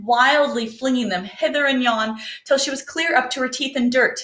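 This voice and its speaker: A woman teacher reading a picture book aloud to her students, gently asking them questions along the way. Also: fairly high pitch, lively intonation, normal speed, hardly any pauses. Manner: gentle, asks children questions. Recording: roomy echo.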